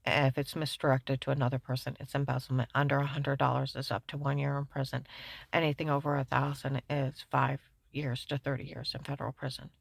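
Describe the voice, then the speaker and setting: A woman rambling through a personal grievance, swinging between hushed talk and loud outbursts and reciting legal terms. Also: a bass voice, flat delivery, brisk, gravelly, slightly rough, no echo. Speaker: speaker recounting her own ordeal. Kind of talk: agitated personal monologue.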